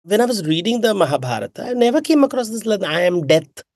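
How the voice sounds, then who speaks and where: A man, an author answering interview questions in an animated, emphatic way, with rhetorical questions and frequent self-corrections. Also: high voice, fast, no echo, studio quality. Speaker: author and mythologist guest.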